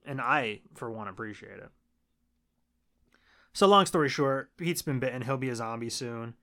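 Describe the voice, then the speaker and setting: A man's voice: medium pitch, expressive, normal speed, sharp tone. A man co-hosting a casual movie review podcast, laid-back and swearing freely. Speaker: podcast co-host.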